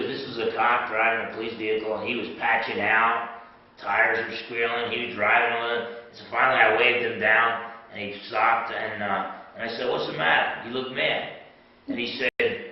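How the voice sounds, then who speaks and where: In a lecture hall, a middle-aged apologetics lecturer with a fairly low voice teaches a class, animatedly telling anecdotes and acting out the dialogue. The recording is dull and lo-fi, echoey, with him far from the mic.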